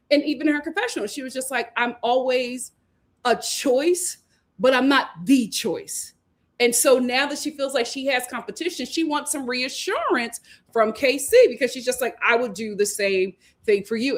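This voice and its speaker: A woman hosting a casual reality TV recap, animated and laughing as she acts out what the cast said. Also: sits high. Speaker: host.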